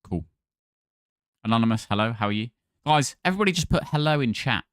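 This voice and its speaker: A man's voice: medium pitch, animated, quick pace, a bit bright, smooth, dry recording, clean studio sound. A man hosting a gaming livestream, chatting casually and thanking viewers by name.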